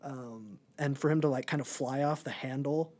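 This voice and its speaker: A man's voice: medium pitch, normal speed, darkish tone. A young man co-hosting a podcast, chatting casually about a movie in a rambling, laid-back way with lots of filler. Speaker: podcast co-host. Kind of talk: casual movie review chat.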